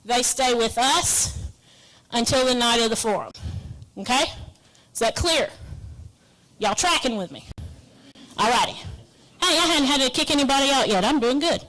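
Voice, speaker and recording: A woman's voice: high voice, animated, measured pace, pauses often, a bit bright, poor audio. A woman with a Southern US accent, the forum organizer briefing the audience in a chatty, joking way.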